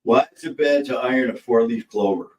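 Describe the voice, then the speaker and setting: A man co-hosting a casual livestream, rambling warmly between corny jokes and shout-outs to viewers. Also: medium pitch, a little fast, reverberant, recorded from a distance, poor audio. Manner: rambling, joke-telling, laughs easily. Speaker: livestream co-host.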